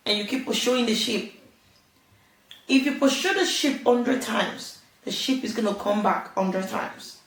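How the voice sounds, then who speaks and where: A woman giving casual parenting advice, earnest and chatty, laughing now and then. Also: medium pitch. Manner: earnest, laughs often, acts out little quoted exchanges. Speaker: parenting vlogger. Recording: roomy echo, distant from mic.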